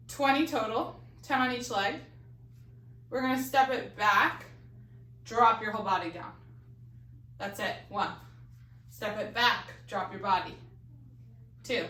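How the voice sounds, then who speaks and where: A woman's voice: on the high side, takes it slowly, long pauses, bright, forceful tone, distant mic. A woman leading a balance exercise class, counting reps and giving coaching cues, a little out of breath. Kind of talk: live fitness class instruction. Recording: echoey room, voice off-mic.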